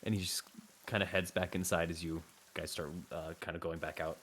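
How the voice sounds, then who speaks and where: A man's voice: deep voice, little pitch movement, fairly quick, fairly bright tone, a little hiss or hum, low-quality recording. A man running a tabletop game as game master, describing the scene in a rambling, hesitant way.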